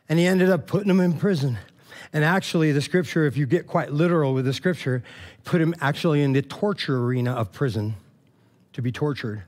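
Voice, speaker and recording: A man's voice: fairly high pitch, fairly quick, a little mellow. A man, a pastor, preaching a casual sermon and retelling scripture in loose, slangy, chatty language with many restarts.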